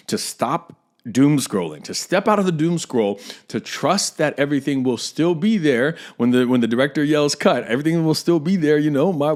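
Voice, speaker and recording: A man's voice: medium pitch, darkish tone. A man hosting a podcast for actors, talking earnestly and conversationally to his listeners and repeating phrases for emphasis. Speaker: acting coach and podcast host. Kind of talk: casual podcast monologue.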